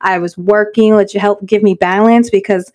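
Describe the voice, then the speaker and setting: A middle-aged woman co-hosting a podcast in casual chat, telling candid stories quickly and dropping in Spanish words. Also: mid-range voice, steady tone, darkish tone. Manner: fast, candid storytelling that mixes in Spanish words. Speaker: podcast co-host.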